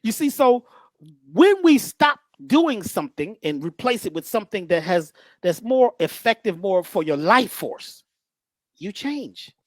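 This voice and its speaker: A man's voice: high voice, a little slow, no room sound. Folksy joking guy telling stories, voice all over the place, dry close sound. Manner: lively, joking, preacherly, folksy. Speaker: guest speaker. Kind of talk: animated storytelling talk.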